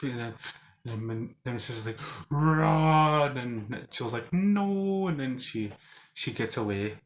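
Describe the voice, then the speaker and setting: In a loose, casual recap, a male game reviewer talks over a video game's plot, stumbling through fillers and restarts at a normal speed with fairly even intonation. His pitch is ordinary mid-range, and he occasionally plays the characters using grunts, growls and sound effects.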